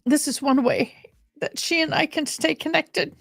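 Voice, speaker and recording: A woman with a somewhat high voice chats casually to her livestream viewers as she plays. The sound is close and dry, with faint game music underneath. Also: fairly even intonation, moderate pace, gravelly, fairly bright tone, no room sound. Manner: chatty, addresses viewers directly. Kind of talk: casual livestream chat over gameplay.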